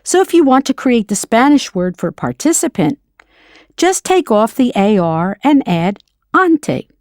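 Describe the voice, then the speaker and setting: A woman teaching a scripted audio language lesson, slowly modeling foreign words and spelling them out letter by letter. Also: fairly high pitch, sing-song, a little mellow, dry recording, clean studio sound.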